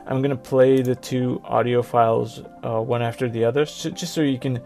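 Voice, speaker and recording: A man presenting a software tutorial, talking through each step on screen in a plain explanatory way. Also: medium pitch, fairly even intonation, normal speed, gravelly, soft background music. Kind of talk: screen-recorded software walkthrough.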